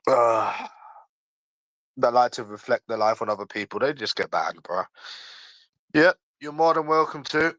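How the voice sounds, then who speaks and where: A man's voice: mid-range voice, a little slow, pauses often, sharp tone, no room sound, poor audio. A young man in his early twenties with a London accent, hosting a casual livestream and answering chat in a defensive, argumentative, slangy way that keeps repeating points. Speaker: livestream host.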